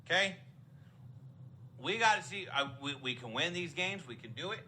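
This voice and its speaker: A man's voice: fairly high pitch, expressive, normal speed, pushed and bright, slight background noise. A man ranting in a recorded fan message, exasperated and repeating himself. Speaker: listener sending voice messages.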